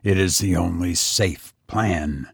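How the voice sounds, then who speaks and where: A man doing a quiet, crafty castle jailer. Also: sits low, slow pace, creaky, slightly rough, no echo, clean studio sound, pitched below the performer's own voice, exaggerated voice. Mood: cautious.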